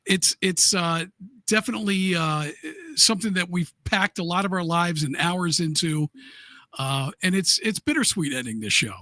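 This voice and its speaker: High-voiced wry podcast co-host. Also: male voice, moderate pace, sharp tone, no echo. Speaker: podcast co-host, news segment reader. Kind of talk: casual chat and news rundown.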